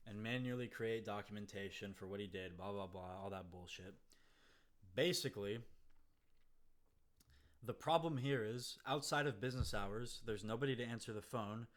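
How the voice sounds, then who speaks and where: A young man with a lowish voice talks through his software project in a relaxed, slangy way. He drops in quick acted-out snippets of callers and a phone bot as he explains. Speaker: software developer. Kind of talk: casual explanation vlog.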